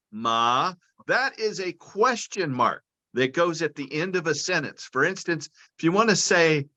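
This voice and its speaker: A man's voice: on the high side, bright, forceful tone, muffled recording. A man being interviewed over a video call, explaining things patiently and step by step like a lecturer. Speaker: guest, cannabis and hemp advocate.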